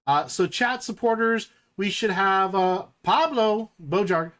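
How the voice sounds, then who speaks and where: A man with a high voice hosting a trading-card livestream. He speaks slowly and casually, reading out names one at a time. When he calls a mock horse race, his commentary rises in excitement. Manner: unhurried, reads names out one by one. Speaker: card break host.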